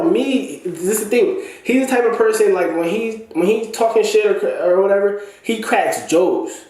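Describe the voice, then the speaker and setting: Male storyteller from Massachusetts, animated and slangy, slightly high voice, booming room echo. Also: normal speed. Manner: animated, slangy, repeats "you know what I'm saying". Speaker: storyteller recounting a falling-out. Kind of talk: casual spoken storytelling. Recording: very echoey room.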